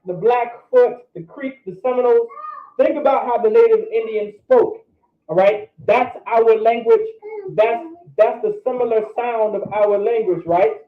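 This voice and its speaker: High-voiced man drilling pronunciation slowly. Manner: slow, repetitive drilling of syllables. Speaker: language teacher. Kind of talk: classroom pronunciation lesson. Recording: echoey room on a tinny lo-fi recording.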